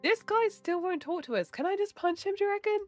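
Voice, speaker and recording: A woman's voice: extremely high pitch, expressive, fast talker, faint music behind. A woman chatting casually while streaming a game, giggly and swearing freely. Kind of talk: casual livestream chat while gaming.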